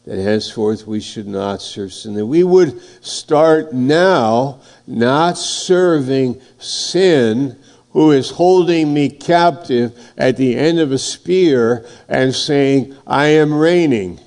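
Male preacher, gravelly, unhurried, emphatic sermon delivery. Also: medium pitch, expressive, darkish tone. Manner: slow, emphatic preaching, voice swelling and dropping.

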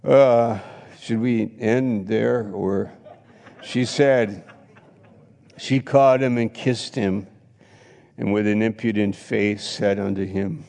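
A man preaching a sermon in a church, emphatic, with sudden loud rises and repeated phrases. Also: fairly low pitch, slow pace, gravelly, pauses often, big-room sound. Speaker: pastor.

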